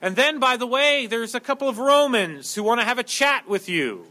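Bright, high-voiced animated male preacher. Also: moderate pace. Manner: animated, jokey preaching with acted-out quotes. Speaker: pastor. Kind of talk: sermon.

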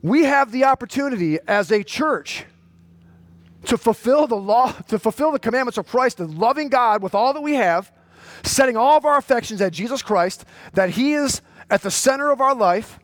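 A man preaching a sermon as pastor, swinging from hushed storytelling to loud, urgent exhortation. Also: extremely high pitch, lively intonation, moderate pace, no echo.

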